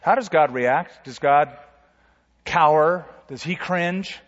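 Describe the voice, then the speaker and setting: A man preaches with a fairly high voice, swinging from hushed asides to loud, pointed lines. His voice rings out with a long reverb from a big hall. The sound is a little dull and muffled. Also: slow. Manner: dramatic preaching with sudden loud and soft swings. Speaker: pastor. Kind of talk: sermon.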